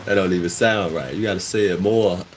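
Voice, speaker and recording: A man's voice: low voice, normal speed, a little hiss or hum. A man from Chicago with a Chicago accent, talking loosely on a casual livestream and getting heated and emphatic as he goes. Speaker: livestream host.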